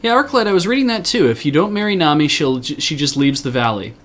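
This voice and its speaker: A man's voice: fairly high pitch, expressive, fast talker, a bit bright. Chatty man streaming a farming game. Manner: chatty, self-deprecating, answers chat. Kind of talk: casual game commentary to chat.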